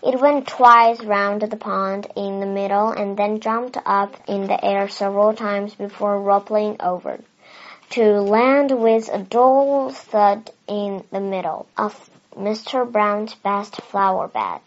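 Woman reading a children's story, slow and careful, muffled lo-fi. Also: medium pitch, steady tone. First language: Chinese. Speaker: storybook reader. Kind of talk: reading a children's novel aloud. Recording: dull lo-fi recording.

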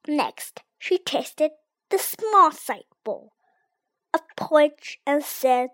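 Child slowly reading a storybook aloud. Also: high voice. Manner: slow, careful read-aloud with lively ups and downs. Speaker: reader.

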